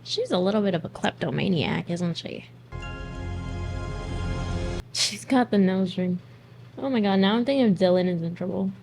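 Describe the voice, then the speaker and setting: A woman's voice: medium pitch, lively intonation, moderate pace, gravelly, pauses often, over music. A woman hosting a casual movie reaction, blunt and snarky, swearing freely.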